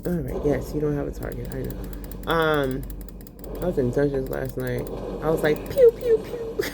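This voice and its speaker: A woman ranting casually while gaming, profane and animated, full of fillers. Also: a bass voice, moderate pace, gravelly, background noise. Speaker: vlogger.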